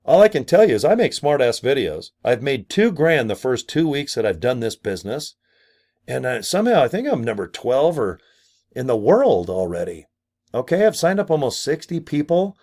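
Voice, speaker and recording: A man's voice: mid-range voice, big pitch swings, moderate pace, a little mellow. An older man vlogging a casual promotional rant, goofy and crude, full of exaggerated asides and silly put-on voices. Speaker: marketing vlogger.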